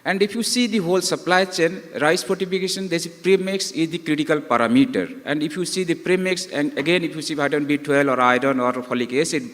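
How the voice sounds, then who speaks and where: A man moderating a panel, speaking hesitantly and often pausing on filler phrases. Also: fairly high pitch, a bit bright. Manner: hesitant, leans on "you know". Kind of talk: panel discussion. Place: conference hall. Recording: reverberant conference hall.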